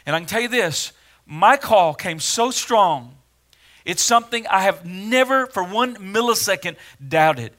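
A man delivering a sermon in a high, bright voice. He speaks earnestly and grows emphatic whenever he reads scripture aloud. His tone is forceful and clear. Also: lively intonation, a little slow. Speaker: preacher.

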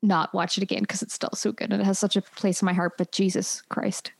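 A woman guest on a casual podcast, animated and laughing between remarks. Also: medium pitch, a little fast, gravelly, breathy edge, no room sound. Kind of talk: casual chat.

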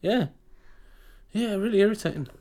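A man's voice: high-pitched, expressive, normal speed, dark tone. A British man co-hosting a podcast in casual chat, ranting and often restarting his sentences. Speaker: podcast co-host.

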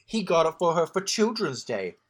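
Lively, rambling man recapping a movie. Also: a little high, moderate pace. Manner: rambling, joking recap full of "um"s and restarts. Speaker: podcast co-host recapping a film. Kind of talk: casual chat.

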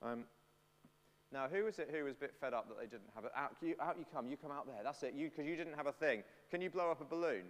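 A man's voice: on the high side, lively intonation, fast talker. A man leading a playful, chatty sermon and talking with the congregation. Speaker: preacher. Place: church. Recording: long church reverb.

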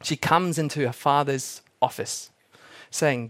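A man's voice: fairly high pitch, expressive, unhurried, fairly bright tone. A male pastor preaching a sermon, dramatic, repeating key words and dropping his voice almost to a whisper for emphasis.

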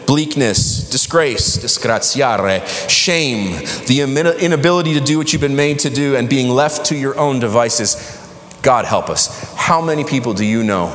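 A man preaching a sermon as a pastor, emphatic and building to shouted exhortation. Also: mid-range voice. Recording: echoey hall from afar.

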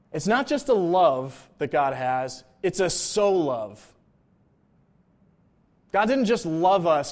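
Man, preacher, informal sermon, slightly high voice, chatty with lots of check-ins. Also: animated, moderate pace, darkish tone. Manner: casual, informal, frequent "like" and "right?" check-ins. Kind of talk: conversational sermon.

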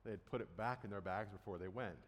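A man's voice: on the low side, fast talker. A man preaching a sermon, retelling a Bible story in a conversational way and casually acting out the quotes. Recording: long hall reverb.

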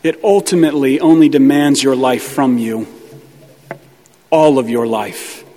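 A man's voice: medium pitch, measured pace, warm tone, long reverb tail. A male pastor preaching a sermon with emphatic, hammering repetition.

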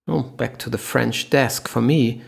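A man's voice: mid-range voice, a little slow, gravelly. A man voicing a wry joking officer. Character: wry, dry-humored male desk officer.

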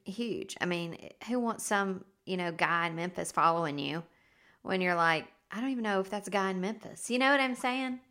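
A woman co-hosting a casual chat who talks in a relaxed, agreeable way and often backs up her partner. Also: mid-range voice, normal speed. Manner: relaxed, agreeable, many yeahs and mm-hmms. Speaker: podcast co-host.

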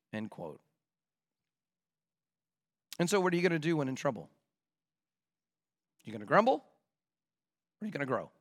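Guy preaching a sermon, pretty high voice, super animated, talks like he's chatting with you. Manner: animated, conversational preaching with vivid examples. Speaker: pastor.

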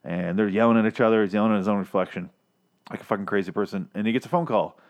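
A man with a lowish voice talks through a TV episode in a loose, rambling way. He swears freely and restarts his sentences often, in a relaxed conversational flow. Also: racing. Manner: rambling, profane, many restarts. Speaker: podcast host reviewing a TV episode. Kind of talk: casual review chat.

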